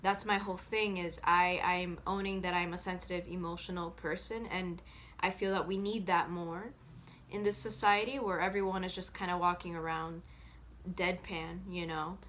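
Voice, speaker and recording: Earnest young woman with a bright voice. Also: fairly low pitch, steady tone, normal speed, a little hiss or hum. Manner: earnest and reflective, with frequent fillers and restarts. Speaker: self-help vlogger. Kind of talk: casual talk to camera.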